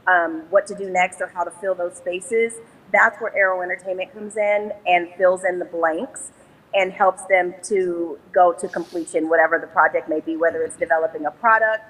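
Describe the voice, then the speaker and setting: A woman guest chatting casually in an interview, upbeat and quick to laugh. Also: lowish voice, steady tone, a bit bright, poor audio. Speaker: guest, business developer.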